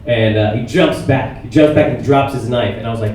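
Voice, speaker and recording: A young man performing a stand-up comedy set, self-mocking and deadpan. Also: medium pitch, fast. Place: theatre stage with live audience. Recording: roomy distant theatre sound with noise.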